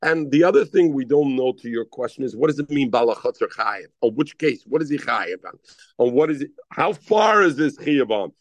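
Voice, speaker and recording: A man's voice: medium pitch, animated, moderate pace, no room sound. A man teaching a Daf Yomi Talmud class, calling on students by name and mixing in Hebrew and Aramaic terms.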